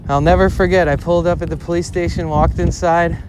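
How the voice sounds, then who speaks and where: A man streaming outdoors, casually telling a story in a loose, profane, animated way with acted-out quotes. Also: on the high side, quick pace. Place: outdoors in a city. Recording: outdoor street noise behind.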